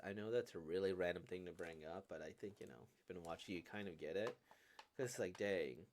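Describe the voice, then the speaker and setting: A man hosting a casual manga reading reaction, hesitant and full of fillers, laughing often. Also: fairly low pitch.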